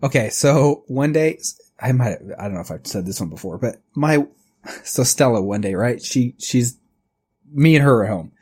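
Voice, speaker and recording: Husky, slightly mellow, and expressive, his medium-pitched voice moves at a moderate pace. He's a man in his thirties co-hosting a laid-back podcast, rambling along, swearing liberally, and laughing frequently.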